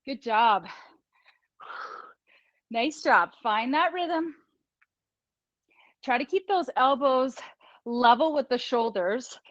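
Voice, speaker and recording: A woman instructor with a high voice leads an online workout at a relaxed pace. She counts down reps, cheers the class on and laughs easily. The sound is dry and a little dull, like a streamed call. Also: takes it slowly, pauses often, no echo. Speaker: fitness instructor. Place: small studio room.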